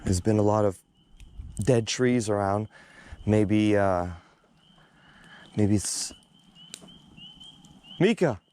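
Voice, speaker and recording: A man filming himself while camping alone at night in a forest, shaken, hushed and halting as he talks to his dog. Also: lowish voice, fairly even intonation, clear, resonant tone. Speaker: solo camper. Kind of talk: nervous self-filmed footage. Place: dark forest campsite at night, outdoors.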